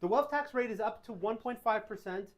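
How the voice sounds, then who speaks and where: A man giving casual Q&A answers to a live audience, telling animated stories and correcting himself as he goes. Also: sits high, a little fast. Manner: animated storytelling, self-correcting. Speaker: tax advisor speaker. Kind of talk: casual Q&A talk.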